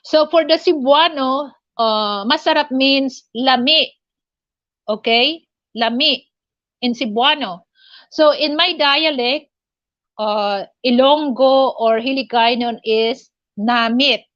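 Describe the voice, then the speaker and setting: Filipino-accented woman hosting a live chat; slightly high, slow, halting delivery, dry lo-fi audio. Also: a bit bright, dry recording. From Philippines. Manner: halting, many fillers and restarts. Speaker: livestream host.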